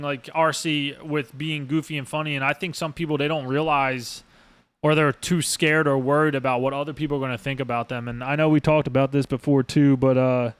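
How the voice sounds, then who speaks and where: Profane, rambling man, smooth tenor. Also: fairly high pitch, no echo. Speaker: streamer host. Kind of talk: casual podcast monologue.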